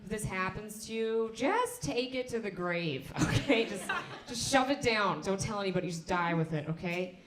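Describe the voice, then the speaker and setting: A young woman from the United States performs stand-up, spinning animated, self-mocking stories. Her voice has a middle pitch, and the room around her rings with echo. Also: moderate pace, crowd noise. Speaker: stand-up comedian. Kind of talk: stand-up set.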